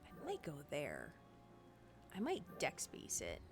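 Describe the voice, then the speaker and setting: A woman's voice: low-pitched, wildly swooping pitch, slow pace. A woman streamer chatting casually and exclaiming often as she plays an online game, with faint game music behind. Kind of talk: casual gameplay commentary.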